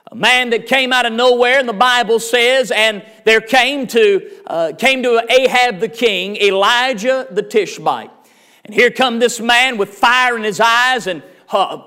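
A man with a strikingly high voice preaches to his congregation. He tells the scripture story in a vivid way and drives his points home with an emphatic, repeating cadence. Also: bright, forceful tone, clean tone. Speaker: pastor. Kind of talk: sermon.

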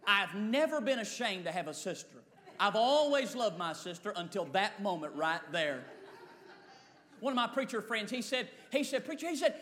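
High-voiced man, drawl, preacher, comic storytelling, lively quoted voices. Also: moderate pace. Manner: animated Southern drawl, acting out quoted voices.

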